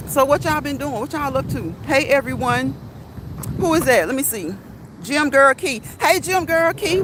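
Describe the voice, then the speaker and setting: High-voiced woman chatting on a walk. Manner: chatty, repeats phrases, ends lines with "okay?" and "right?"; reads viewer comments aloud. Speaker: live-stream host. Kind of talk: casual live-stream chat while walking. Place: outdoors near a street and train tracks. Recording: outdoor street with traffic noise. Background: passing cars and a train.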